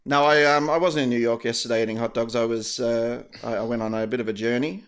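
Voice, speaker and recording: A man's voice: mid-range voice, fairly even intonation, fast, smooth. A man co-hosting a podcast in casual, rambling, joking chat. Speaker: podcast co-host.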